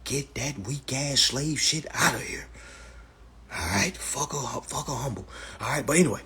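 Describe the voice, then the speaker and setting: A man's voice: medium pitch, normal speed, pushed and bright, a little hiss or hum. A man hosting a casual livestream, lecturing bluntly with lots of swearing and frequent "all right" checks. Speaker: livestream host. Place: indoors, livestream.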